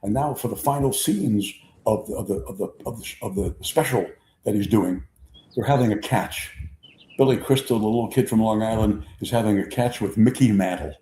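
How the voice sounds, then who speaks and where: An older man hosts a sports show, telling long anecdotes with a lowish, mellow voice. He acts out the quotes as he goes. The sound is roomy and echoey. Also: normal speed, a little hiss or hum. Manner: animated raconteur, acts out quotes. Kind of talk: casual sports storytelling. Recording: echoey room.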